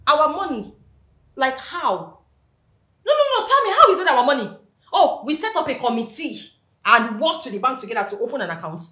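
A woman's voice: high voice, sing-song, a little fast, pushed and bright, reverberant, full character voice. An actress playing a scornful, sarcastic young woman with a Nigerian accent, scolding her idle boyfriend.

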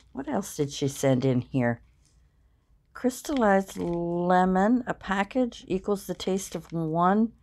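A woman in her sixties chatting casually on her own channel, musing aloud as she opens gifts, warmly effusive. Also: low voice. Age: 60s. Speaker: craft channel vlogger. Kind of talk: casual unboxing chat.

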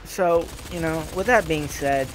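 Young male host, casual fight recap, profane and animated, slightly high pitch, faint game noise underneath. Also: a little slow. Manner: profane, animated, trash-talking. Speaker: gaming channel host. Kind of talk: casual fight reaction commentary.

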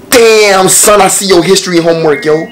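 Young male streamer with a high-pitched voice, brash and profane, roasting strangers in loose slang. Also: poor audio. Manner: brash, profane slang banter with frequent laughter. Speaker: streamer on a random video chat app. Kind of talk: casual chat, roasting strangers.

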